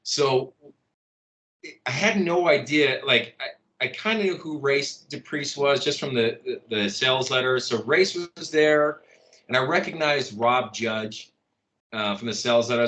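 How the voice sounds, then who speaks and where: A man tells a long story in a loose, rambling way, full of "like" and false starts. His voice is bright and forward, at a middle pitch. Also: expressive, normal speed. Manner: rambling, lots of "like" and restarts, laughs at his own story. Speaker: interview guest, copywriter. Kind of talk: casual storytelling in an interview.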